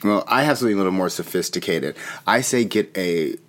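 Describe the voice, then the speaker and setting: A plainspoken man co-hosting a casual comedic chat, with a very low voice. He talks earnestly and sometimes sounds a bit puzzled. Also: lively intonation, a little fast, fairly bright tone. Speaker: podcast co-host.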